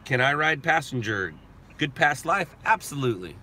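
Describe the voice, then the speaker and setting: A man from Southern California, streaming live and chatting with viewers, talking slowly and carefully. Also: on the high side, sing-song, sharp tone, a little hiss or hum. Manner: slow, deliberate talk, reads and answers viewer chat. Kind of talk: casual live stream chat.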